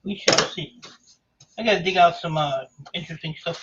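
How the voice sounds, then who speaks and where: A man streaming himself taking apart e-waste, chatting in a rambling, offhand, self-mocking way, hoarse from talking for hours. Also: fairly high pitch, moderate pace, highs cut off, very noisy. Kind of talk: casual livestream chat.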